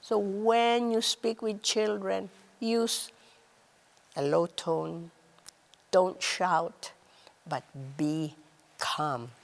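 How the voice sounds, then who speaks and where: A woman hosting a talk on relationships, speaking in a slow, deliberate teaching style. She stresses words and drops softly on key phrases. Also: fairly even intonation, vocal fry, long reverb tail. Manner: measured, emphatic, drops to a soft low voice on key words. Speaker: host.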